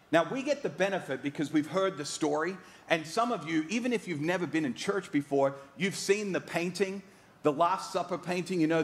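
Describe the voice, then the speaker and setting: A male pastor with a mixed Australian-American accent, preaching a sermon and telling the story with drama, acting out the quotes. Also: a little high. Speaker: guest pastor.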